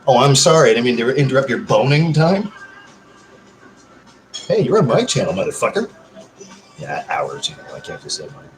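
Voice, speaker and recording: A man's voice: mid-range voice, very animated, normal speed, pauses often, over music. A man chatting with viewers from home on a live stream, joking and swearing in a loose, casual way.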